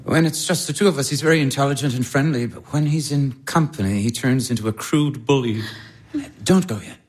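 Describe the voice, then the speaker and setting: A man's voice: medium pitch, fairly quick, natural voice. An actor in his late twenties playing an earnest young baron, speaking tenderly and with longing. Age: late 20s. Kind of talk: stage drama acting.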